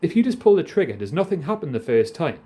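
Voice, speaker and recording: A man's voice: on the high side, sing-song, fast talker, dark tone. A man ranting in a casual, rambling way on a phone held in his hand, swearing freely and laughing often. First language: not American. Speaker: vlogger.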